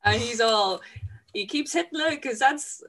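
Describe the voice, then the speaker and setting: Higher-voiced woman, swearing, deadpan jokes. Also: measured pace, a little hiss or hum. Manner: deadpan, swears, laughs often. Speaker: podcast co-host. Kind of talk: casual comedic chat.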